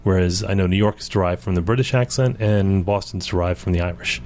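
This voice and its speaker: A man's voice: deep voice, fairly quick, darkish tone, slight background noise. A man from Central Maryland co-hosting a casual podcast chat at a kitchen table, rambling and talkative. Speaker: co-host.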